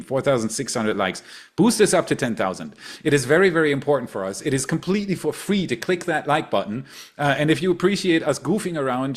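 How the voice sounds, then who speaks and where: A man from Germany's Rhineland, a native German speaker with a German accent, hosting a livestream in casual chat. He talks fast and excitedly, often repeating words. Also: mid-range voice. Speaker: livestream host.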